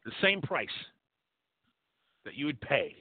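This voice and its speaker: A man's voice: medium pitch, slow pace, breathy edge, no room sound, narrow, tinny audio. A man hosting a call-in show, talking crudely and rambling. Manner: profane, rambling and animated. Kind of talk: crude casual call-in talk.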